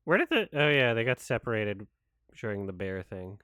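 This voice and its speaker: A man's voice: fairly low pitch, very animated, normal speed, pushed and bright, smooth, no echo, studio quality. A man giving casual, sarcastic commentary while watching a film live, swearing often. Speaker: host reacting to a film.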